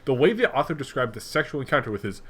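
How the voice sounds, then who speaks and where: A man's voice: medium pitch, sing-song, quick pace, a loud crowd. A man co-hosting a comedy podcast, chatting casually, laughing often and reading reviews aloud with mock seriousness. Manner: laughing, joking, reads reviews aloud mockingly. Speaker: podcast co-host.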